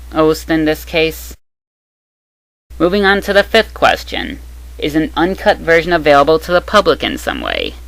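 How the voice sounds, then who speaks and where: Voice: medium pitch, gravelly, fairly bright tone, no room sound, poor audio. A young adult anime dub reviewer reading scripted opinion commentary, opinionated and dropping sarcastic asides.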